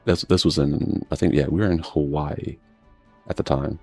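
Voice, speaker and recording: A man's voice: very deep voice, fairly even intonation, moderate pace, a little mellow, soft background music. A man telling stories in a laid-back, casual chat while playing a game, swearing and laughing often. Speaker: gaming streamer.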